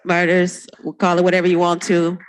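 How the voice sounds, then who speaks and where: A woman's voice: lowish voice, completely flat delivery, brisk, poor audio. A woman from California giving a heartfelt, playful award acceptance speech on an awards ceremony stage. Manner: heartfelt, playful, speaks to the crowd.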